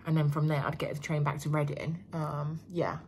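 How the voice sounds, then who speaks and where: A woman's voice: deep voice, little pitch movement, normal speed, darkish tone, a little hiss or hum. A young woman, rambling candidly in a casual vlog, full of fillers and swearing. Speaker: vlogger.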